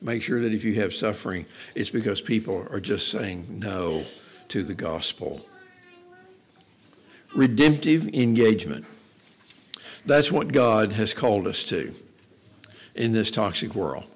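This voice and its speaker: A man preaching a sermon in an earnest, conversational way, repeating phrases for emphasis. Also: lowish voice. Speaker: pastor.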